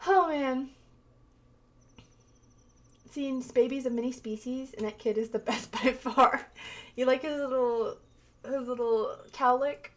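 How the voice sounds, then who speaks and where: A woman's voice: high-pitched, measured pace, pauses often. A woman streaming a game she is playing for the first time, chatting casually with her viewers in a rambling, giggly way and breaking into long laughing fits. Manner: rambling, chatty, talks to chat. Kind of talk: casual gameplay commentary.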